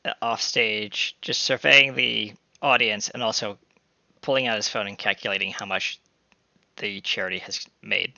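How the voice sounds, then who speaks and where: Man player on a headset at home, rambling and self-deprecating, gravelly voice, dry close sound. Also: lowish voice, fairly even intonation, moderate pace, sharp tone, no echo, lo-fi sound. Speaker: tabletop game player. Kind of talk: casual chat with in-character narration. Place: home bedroom.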